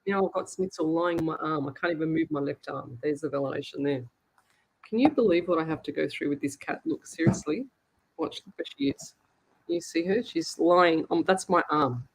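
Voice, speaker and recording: A woman's voice: sits low, brisk. An Australian woman, a psychic medium, hosting a live show and chatting frankly with her viewers. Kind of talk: casual live-stream chat.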